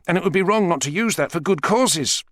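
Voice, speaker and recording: A man voicing a high, pleading young woman. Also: animated, fairly quick, a bit bright, no room sound, studio quality.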